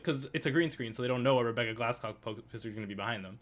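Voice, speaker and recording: A man co-hosting a casual review chat, rambling with many restarts and rising into excited rants. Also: mid-range voice, fast talker. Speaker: podcast co-host.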